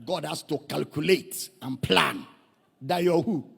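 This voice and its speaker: A man's voice: on the high side, measured pace, vocal fry, breathy edge. A man with a Nigerian accent preaching a dramatic sermon, calling out to his congregation. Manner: dramatic, animated, calls out to the congregation. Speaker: pastor. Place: church. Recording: echoey hall.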